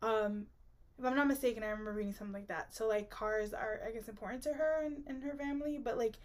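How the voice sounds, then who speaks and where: A woman's voice: on the high side, fast talker. A woman co-hosting a casual book podcast, thinking aloud with lots of fillers and frequent giggles. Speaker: podcast co-host. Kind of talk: casual book-club chat.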